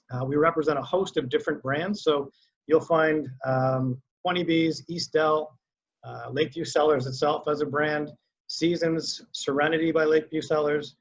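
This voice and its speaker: Male winery rep: easygoing, filler-heavy tasting talk, slightly raised pitch, muffled video-call audio. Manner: relaxed, conversational, many fillers.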